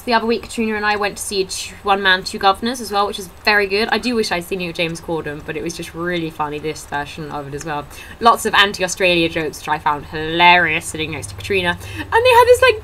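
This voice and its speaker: Poor audio captures a mid-range, slightly bright female voice. It belongs to a young vlogger chatting casually at her home table into a laptop webcam, sharing funny anecdotes and acting out other people's words.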